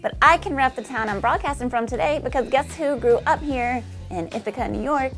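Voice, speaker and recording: A woman's voice: high voice, brisk, fairly bright tone. A woman in her thirties from Nashville hosting a music news show, reading her script with breezy, slangy asides. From Nashville, USA. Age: 30s.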